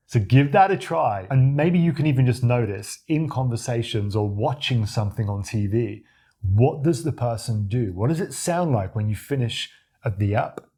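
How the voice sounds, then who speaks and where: Deep-voiced communication coach. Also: male voice, moderate pace, breathy edge. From Australia. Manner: demonstrative, animated, acts out examples with his voice. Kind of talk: talking-head tutorial to camera.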